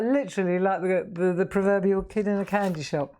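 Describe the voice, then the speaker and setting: A woman's voice: medium pitch, fairly even intonation, brisk, hardly any pauses, dark tone. A middle-aged woman chatting casually to viewers while crafting live, laughing often. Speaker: craft livestream host.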